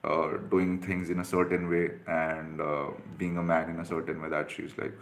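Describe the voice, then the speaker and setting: A man's voice: low-pitched, flat delivery, moderate pace, hardly any pauses, a little hiss or hum. A man coaching on dating, answering viewer questions one by one in a direct, instructive way with frequent fillers.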